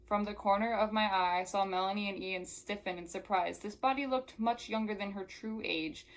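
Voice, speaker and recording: A woman's voice: mid-range voice, fairly even intonation, normal speed. A young woman who reviews books, reading a novel aloud and breaking off into casual, exasperated asides. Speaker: book reviewer.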